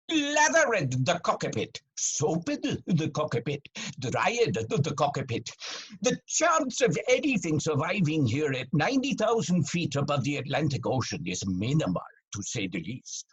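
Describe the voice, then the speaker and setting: An actor playing a pompous male airline captain who drawls grandiose, suggestive announcements in a raspy voice. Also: on the high side, fairly bright tone, heavily acted. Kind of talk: comedic audio drama acting.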